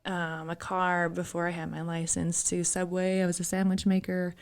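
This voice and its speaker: Heavy background noise sits under this studio-mic recording of a woman in her thirties from northern Minnesota. Her pitch is fairly low and her delivery completely flat at a moderate pace, with a Minnesotan accent. As a guest in a casual interview, she laughs and openly tells her story.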